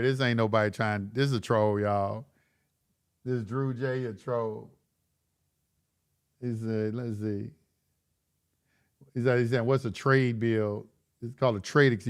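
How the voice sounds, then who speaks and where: A man's voice: mid-range voice, clear, resonant tone. A man hosting a live stream, reading chat questions and answering them in a blunt, lecturing way with casual slang, often repeating himself.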